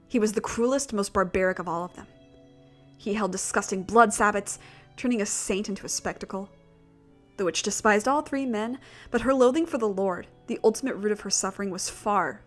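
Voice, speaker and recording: Woman reading a gothic tale aloud. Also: medium pitch. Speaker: streamer reading a visual novel. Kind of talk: story narration.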